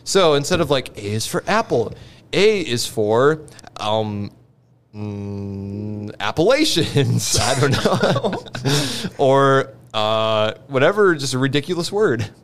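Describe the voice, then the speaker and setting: A man's voice: mid-range voice, big pitch swings, slow pace. A man hosting a comedy podcast, explaining a bit in a loose, rambling way. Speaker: podcast host. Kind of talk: casual comedy podcast chat.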